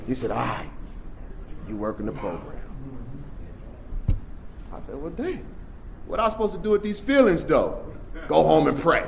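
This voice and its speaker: A man telling his recovery story at a workshop, in streetwise storytelling that swings from hushed to loud. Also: fairly high pitch, wildly swooping pitch, moderate pace, vocal fry, long pauses. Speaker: recovery meeting speaker. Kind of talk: personal recovery share at a workshop. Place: convention workshop room.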